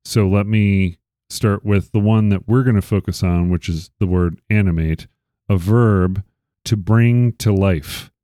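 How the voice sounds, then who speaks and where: A man hosting a podcast, reading out word definitions deliberately and asking questions. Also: on the low side, steady tone, dark tone, no echo, clean studio sound. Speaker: podcast host. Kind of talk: casual interview chat.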